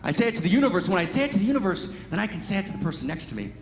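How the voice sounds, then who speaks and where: A man with a very high voice delivers a passionate spiritual talk to a live congregation. He is emphatic, keeps checking in with "right?", and drops from ringing exclaims to near-hushed intimacy. His voice rings through a large, echoey hall with a long reverb tail and a faint hum behind. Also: sing-song, rapid-fire. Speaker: speaker at a Sunday service.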